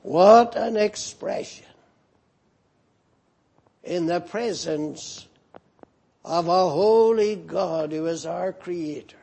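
A man preaching an evening sermon, earnest and solemn, swinging from emphatic lines to hushed ones. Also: sits high, extremely slow, creaky, long pauses.

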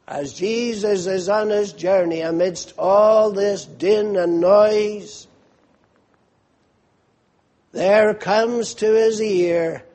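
A man preaching a sermon in a high voice at an unhurried pace. He tells the scene as a vivid story and invites his listeners to imagine it. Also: a little mellow.

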